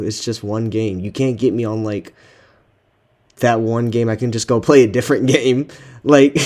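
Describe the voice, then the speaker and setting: Annoyed dude ranting over dumb texts, mid voice, lots of slang and cussing. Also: male voice, medium pitch, darkish tone. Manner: exasperated, slangy, swears often. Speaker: content creator. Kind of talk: reaction commentary on text messages.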